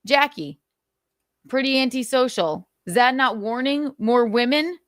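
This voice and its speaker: A woman's voice: a little high, unhurried, no echo, clean studio sound. A woman hosting a livestream, ranting angrily with constant swearing and repeated rhetorical questions, at times choked up. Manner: angry, profane, repetitive rhetorical questions. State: choked up with emotion. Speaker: livestream host. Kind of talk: heated commentary rant.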